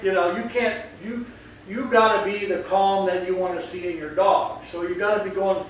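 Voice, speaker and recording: A dog trainer with a high voice explains things casually and animatedly at a normal speed, his intonation fairly even, often acting out voices mid-sentence. The recording comes from an echoey room with a distant mic and faint noise.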